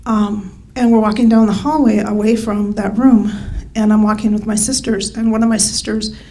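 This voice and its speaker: A woman's voice: mid-range voice, little pitch movement, normal speed, mellow, low-quality recording. A middle-aged woman telling a true story at a live storytelling event into a stage microphone, wry and often breaking into laughter.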